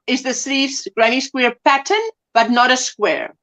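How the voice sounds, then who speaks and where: A South African woman hosting a casual crochet livestream, chatty and gushing as she greets viewers. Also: measured pace. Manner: chatty, gushing, lively swings in pitch. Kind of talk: casual live chat.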